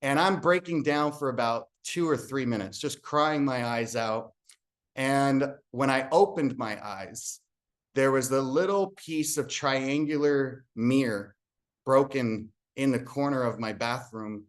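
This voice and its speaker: A man's voice: medium pitch, unhurried. A man speaking as a guest speaker, telling an earnest personal story in a motivational talk and acting out the dialogue.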